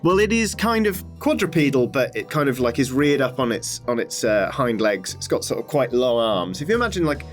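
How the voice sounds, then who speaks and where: A man narrating a tabletop game as game master, describing things in a halting, rambling way. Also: medium pitch, sing-song, soft background music.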